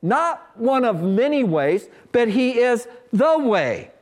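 A man's voice: very high-pitched, very animated, slow pace. A man pastor preaching a sermon in a folksy, emphatic way with humorous asides, speaking from a church sanctuary.

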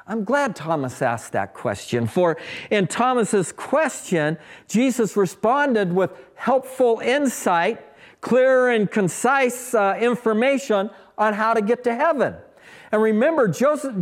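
A man pastor preaching a sermon in a folksy, emphatic way with humorous asides, speaking from a church sanctuary. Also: sits high.

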